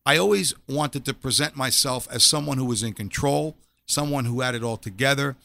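A man's voice: medium pitch, a little fast, gravelly, pushed and bright. A middle-aged man, a former police officer, giving an earnest personal faith testimony in an interview, often repeating phrases as his feelings rise. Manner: earnest, repeats phrases when he gets emotional.

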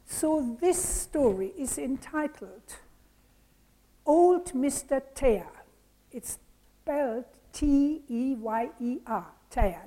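An older woman leading a retreat, giving a lecture in a measured way with pauses and fillers. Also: on the high side, dark tone, rough recording. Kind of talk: lecture with a story read aloud.

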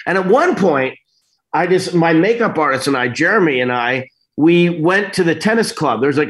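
Man, middle-aged, somewhat high voice, animated, rambling, self-interrupting, interview guest. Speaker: actor guest. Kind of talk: casual interview storytelling.

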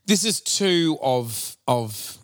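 A man's voice: fairly high pitch, lively intonation, extremely slow, dry recording, studio quality. An Australian man co-hosting a podcast in casual chat, cheeky and jokey, swearing often as he reads out listener reviews in a band room. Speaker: podcast co-host.

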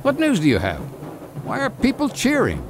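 An actor playing a frightened young prince and rival heir, pleading frantically in an audio drama. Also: male voice, extremely high pitch, wildly swooping pitch, moderate pace, background noise, heavily acted. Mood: urgent.

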